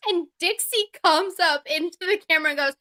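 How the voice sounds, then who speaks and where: A woman's voice: very high voice, fairly quick, bright, forceful tone, no echo. A woman from Georgia with a light Southern accent, chatting casually as a guest and telling stories. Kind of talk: casual chat.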